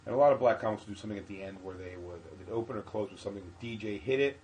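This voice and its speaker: A man, a comedian guest, telling stories in a rambling, animated, profane way. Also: on the low side, very fast, slight background noise, rough recording. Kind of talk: casual storytelling.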